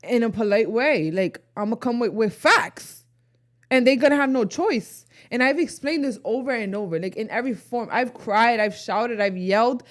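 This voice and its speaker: A woman in her late twenties, co-hosting a podcast in casual chat, switching between English and Spanish and telling animated stories full of slang. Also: fairly high pitch, normal speed. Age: late 20s. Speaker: podcast co-host.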